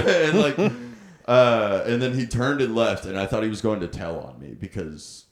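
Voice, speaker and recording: A man's voice: fairly low pitch, animated, normal speed, roomy sound. A young man co-hosting a podcast, animatedly telling a story and laughing often. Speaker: podcast co-host. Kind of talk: casual storytelling chat.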